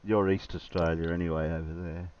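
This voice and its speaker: A man hosting a live stream, chatting casually and muttering hesitantly while he works his stream software. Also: low voice, flat delivery, fairly quick. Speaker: livestream host. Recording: distant muffled mic.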